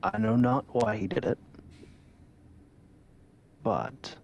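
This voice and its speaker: A solemn party leader with a lowish voice, as a man speaks for him, choosing his words stiffly and earnestly. His speech is formal and careful, in a tabletop role-play game. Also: animated, takes it slowly, gravelly, a little mellow, a little hiss or hum, heavily acted.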